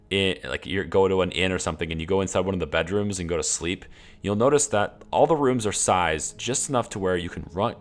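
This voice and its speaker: A man streaming a game, casually walking through his mod list in a rambling, enthusiastic way with many fillers. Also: low voice. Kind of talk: casual walkthrough of game mods.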